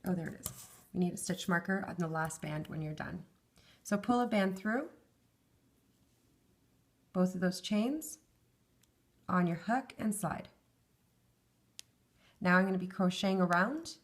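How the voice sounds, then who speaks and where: A woman's voice: fairly low pitch, lively intonation, unhurried, pauses often. A woman walks viewers through a craft project one step at a time and counts out each stitch as she goes. Her voice is tired and wearing thin, close to giving out. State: losing her voice. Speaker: craft tutorial host.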